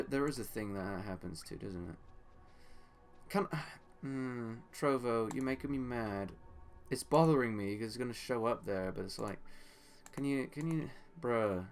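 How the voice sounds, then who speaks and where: Lowish-voiced young man streaming a game. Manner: rambling, talking to himself and chat. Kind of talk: live gameplay commentary.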